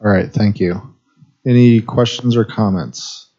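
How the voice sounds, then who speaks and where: A man with a low, dark, mellow voice hands the floor from speaker to speaker with brief procedural remarks. He sounds a bit distant on a dull, lo-fi recording. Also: unhurried. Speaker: session facilitator. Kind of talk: meeting facilitation.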